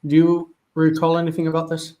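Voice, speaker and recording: A man's voice: fairly high pitch, completely flat delivery, fairly quick, dark tone, poor audio. A man teaching an online class, thinking aloud as he checks references partway through sentences. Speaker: Hebrew teacher. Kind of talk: live online class, working through texts. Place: home studio with one light.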